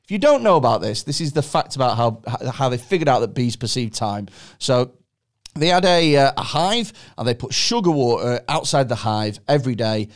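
A man hosting a podcast, telling stories in an excitable, sweary, comedic way. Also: medium pitch, moderate pace. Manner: animated, sweary, excitable storytelling. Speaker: podcast host. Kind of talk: casual comedic chat.

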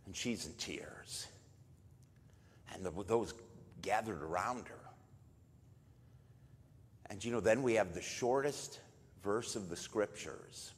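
A man preaching at a memorial service, retelling a story in a conversational way and jumping much louder for quoted lines. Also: on the low side, takes it slowly, pauses often, husky. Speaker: pastor. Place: church. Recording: long church reverb.

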